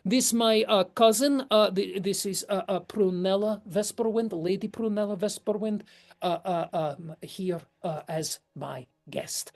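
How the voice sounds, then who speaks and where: A man's voice: high voice, unhurried, a little mellow, pitched above the performer's own voice. A man voicing a reserved young lord who speaks stiffly and hesitantly.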